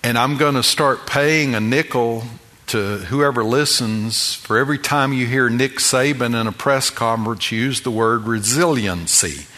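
Slow, bright-voiced preacher man. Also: medium pitch. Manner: emphatic, builds with repeated phrases. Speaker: pastor. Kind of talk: sermon.

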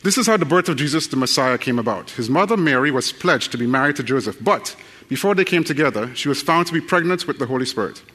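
A man preaching a sermon, joking with the congregation and then reading scripture quickly. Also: mid-range voice, animated, sharp tone, husky, big-room sound. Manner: folksy, joking, addresses the crowd directly.

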